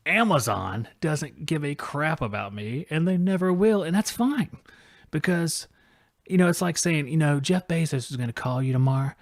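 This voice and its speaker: On the high side, this male podcast host's voice comes through in studio quality with no room sound. He chats casually on a livestream, rambling, joking, and poking fun at himself.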